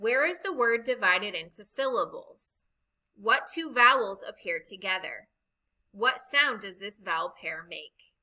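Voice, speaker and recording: A woman records a reading lesson at a slow, careful pace. Her voice is very bright and clear, and she lingers on each example word and vowel sound. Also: medium pitch, expressive, poor audio. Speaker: reading teacher.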